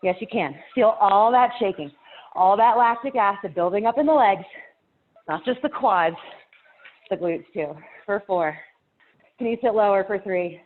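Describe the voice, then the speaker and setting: A woman's voice: mid-range voice, normal speed, pauses often. A woman fitness instructor, out of breath as she cues a live workout class, counting down reps and cheering people on. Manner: encouraging, counts down reps, laughs between cues. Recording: tinny phone-like audio.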